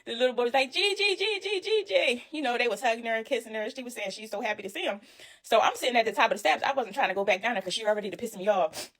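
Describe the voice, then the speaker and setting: A woman telling a story about herself in a casual, animated, indignant way, speaking straight to her listeners. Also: a little high, very fast. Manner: animated, indignant, addresses listeners as y'all and honey. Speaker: storyteller recounting her own experience.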